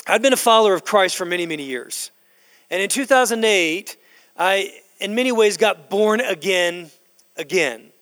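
Casting note: middle-aged male pastor, high-pitched voice, passionate preaching that swells to loud emphasis, long church reverb. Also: expressive. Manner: slows down to stress key words, building to loud emphasis. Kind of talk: sermon. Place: church sanctuary.

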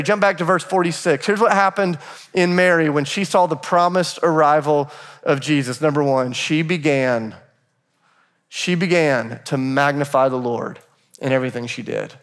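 Preacher guy, kinda high voice, long echo off the church walls, punchy and repeats himself. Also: a bit bright. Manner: emphatic, repeats phrases when building a point. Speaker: pastor. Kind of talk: sermon. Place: church sanctuary. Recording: long hall reverb.

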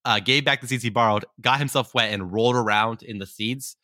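A man's voice: mid-range voice, brisk, bright, forceful tone, dry recording, studio quality. A man co-hosting a podcast, casually telling a long story and often correcting himself as he goes. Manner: rambling, self-correcting. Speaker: podcast co-host.

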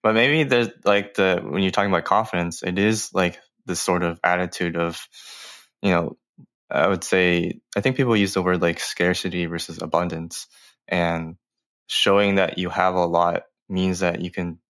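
Very deep-voiced man, dry and close. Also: fairly even intonation, moderate pace, a bit bright, no room sound. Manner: thoughtful, hedging. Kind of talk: casual conversation.

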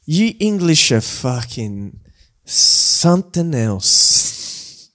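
High, slow-talking podcast host man. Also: sing-song, a bit bright. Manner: jokey, bursts into laughter and silly put-on voices. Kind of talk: casual chat.

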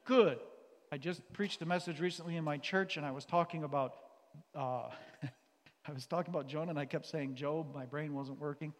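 A man preaching a sermon to a gathered audience, impassioned, swinging between loud outbursts and quiet earnest stretches. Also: fairly high pitch, normal speed. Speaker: teacher and pastor. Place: church or hall. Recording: long reverb of a hall.

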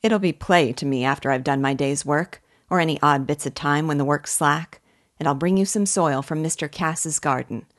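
Eager young country gardener, earnest and helpful, voiced by a woman, a touch brighter. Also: sits low, moderate pace, natural voice. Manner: earnest, rustic talk.

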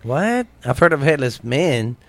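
A man's voice: medium pitch, very animated, measured pace, gravelly. A man hosting a podcast in casual chat, goofy and full of jokes. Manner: goofy and joking. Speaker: host.

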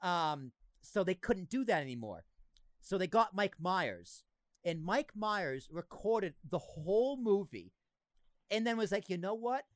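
A young man hosting a podcast, chatting casually, excitable, swearing and laughing a lot. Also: high-pitched, a little slow, dry recording. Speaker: podcast host. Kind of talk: casual chat.

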